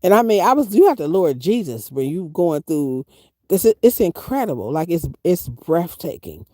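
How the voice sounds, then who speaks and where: A middle-aged woman talks casually to her live viewers from inside her van. Her voice sits a little low and warm, swinging widely in pitch as she tells stories. The sound is close and dry. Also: normal speed, no room sound. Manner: animated, chatty, reads chat aloud, Southern Black vernacular grammar. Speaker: van-dwelling travel vlogger. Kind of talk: casual live-stream chat.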